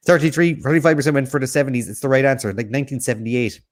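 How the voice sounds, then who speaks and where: A man's voice: mid-range voice, very fast, hardly any pauses. Chatty man hosting a quiz. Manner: chatty, reads questions and answer options, jokes and riffs. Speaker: quiz host. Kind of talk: casual quiz chat.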